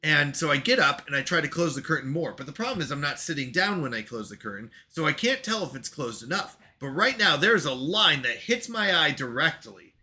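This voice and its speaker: A man hosting a casual live stream, excitable and quick to laugh, exclaiming at his own mistakes. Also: on the high side.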